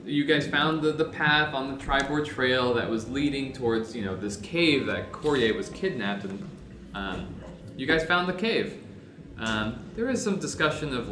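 A man's voice: medium pitch, fairly bright tone. A young man running a tabletop game, recapping the last session in a loose, laughing way with lots of fillers. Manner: casual, laughing, filler-heavy. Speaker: game master. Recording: roomy with background noise.

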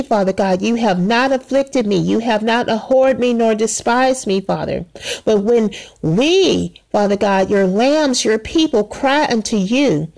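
Woman, slow fervent spoken prayer, higher voice, repeats "Father God". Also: darkish tone. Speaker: prayer leader.

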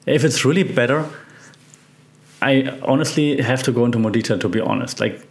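A man's voice: mid-range voice, fairly quick. A man hosting a solo podcast, commenting on media news in a casual, rambling way with many fillers and restarts. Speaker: podcast host.

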